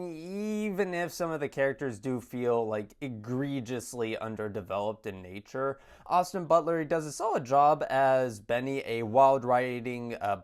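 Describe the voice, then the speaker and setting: A man's voice: mid-range voice, smooth. A man giving a casual spoken film review, rambling with many fillers and restarts. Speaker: movie reviewer.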